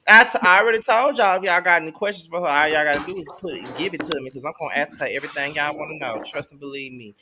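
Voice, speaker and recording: A man co-hosting a casual celebrity gossip chat, talking with animated swings between loud and soft. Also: fairly high pitch, rapid-fire, few pauses, noisy background. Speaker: co-host.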